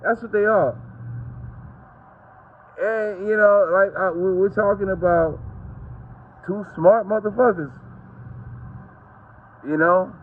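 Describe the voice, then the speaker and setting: A man's voice: sits high, steady tone, slow pace, pauses often, narrow, tinny audio, a little hiss or hum. A man, ranting to camera in a heated, profane, rambling way. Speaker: vlogger.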